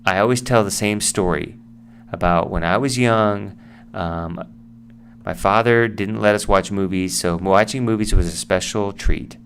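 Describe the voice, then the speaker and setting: A man with a somewhat low voice teaches English vocabulary in a relaxed, conversational way. He explains each word plainly, then slips into short acted-out example sentences to show how it is used. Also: a little slow, a little hiss or hum. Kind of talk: casual English vocabulary lesson.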